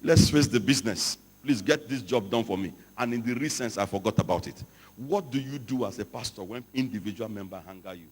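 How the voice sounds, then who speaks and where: Male pastor, high husky voice, sermon in a reverberant hall, storytelling with shouted peaks. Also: fairly quick. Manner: storytelling, rising to shouted emphasis. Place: large hall.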